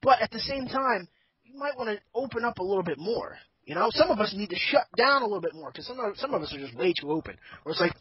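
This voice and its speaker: A man's voice: extremely high pitch, sing-song, fast talker, muffled recording. A man hosting a casual group chat podcast, rambling and opinionated and swearing freely. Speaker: podcast host.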